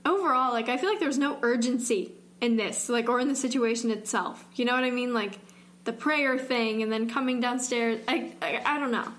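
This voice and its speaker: A woman's voice: a little high, a little fast, a bit bright. A young woman with a slight Southern twang co-hosting a podcast, recounting a case in casual chat full of "like" and restarts. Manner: chatty, heavy use of "like", trailing restarts. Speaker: podcast co-host. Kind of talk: casual true-crime chat.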